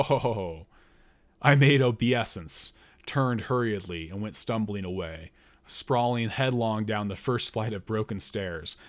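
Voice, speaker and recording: A man reading a first-person story aloud in a measured, deliberate narrating voice. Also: fairly low pitch. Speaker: audiobook narrator.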